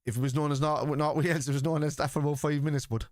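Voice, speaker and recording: Rapid-fire and fairly even in intonation, a slightly high male voice comes through dry, studio-quality audio. He argues bluntly with viewers during casual live-stream chat on a football stream, swearing freely as he answers them.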